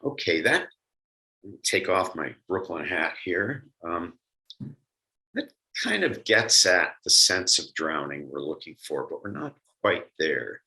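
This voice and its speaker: A man giving a thoughtful, conversational holiday sermon over a video call, pausing often to gather his words. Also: low voice, big pitch swings, gravelly, pushed and bright, low-quality recording. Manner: thoughtful, conversational, with pauses and fillers. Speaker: lay speaker giving a d'var Torah.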